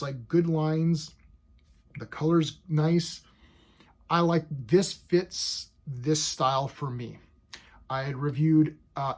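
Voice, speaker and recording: Excitable male reviewer, husky and slightly high, chatty and animated. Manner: excitable, animated, acts out characters' lines in quick paraphrase. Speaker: comic book reviewer. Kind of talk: casual video review.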